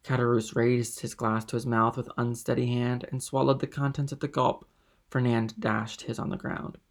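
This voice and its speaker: A male audiobook narrator reading a classic novel with steady, even pacing. His mid-pitched voice carries a gravelly edge. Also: normal speed. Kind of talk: scripted narration.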